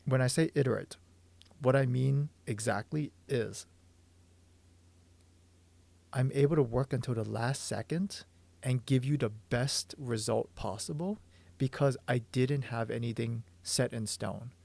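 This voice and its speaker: Gravelly, hoarse male manga artist. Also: medium pitch, measured pace, darkish tone. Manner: thinking aloud, eager, stumbling restarts. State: hoarse, losing his voice. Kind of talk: livestream drawing explanation.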